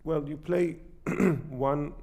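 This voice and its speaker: A man's voice: on the high side, drawn-out words, gravelly, a little mellow. A man teaching a piano masterclass, singing rhythms with syllables as he coaches. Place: recital salon.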